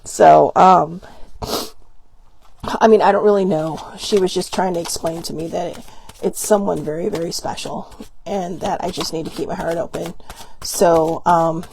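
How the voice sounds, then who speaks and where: A woman's voice: fairly low pitch, steady tone, a little slow, vocal fry, a little mellow, slightly rough. A woman hosting an oracle card reading show, talking in a rambling, chatty, self-deprecating way with lots of fillers. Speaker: host.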